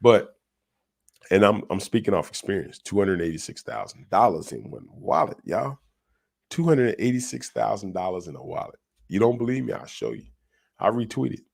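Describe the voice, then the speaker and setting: A man talking casually to his viewers in an animated, repetitive way, addressing them as y'all. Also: fairly low pitch, normal speed, gravelly. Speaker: crypto commentator. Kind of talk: casual livestream talk.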